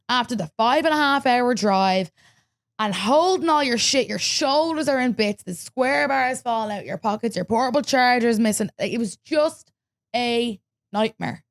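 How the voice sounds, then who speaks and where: A young Irish woman hosting a podcast, telling a story in casual chat, lively and swearing freely as she acts out what people said. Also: a little high. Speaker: podcast host.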